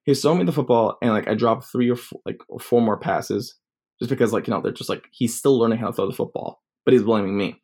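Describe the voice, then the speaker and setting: A man's voice: mid-range voice, fast talker, darkish tone. A man in his twenties telling a personal story casually, rambling with many fillers. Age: 20s.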